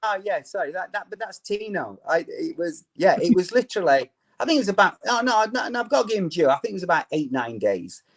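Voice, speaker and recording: A man's voice: sits high, fast, few pauses. A Yorkshire man in his fifties, a former footballer, telling anecdotes and acting out the dialogue with laughs. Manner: animated, laughing, acts out dialogue. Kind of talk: anecdotal storytelling.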